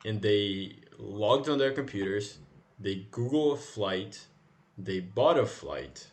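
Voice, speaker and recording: A man in loose, casual podcast talk with a low-pitched voice. He rambles through long stories, swears freely and laughs often. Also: animated, slow, darkish tone. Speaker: podcast co-host. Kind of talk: casual chat.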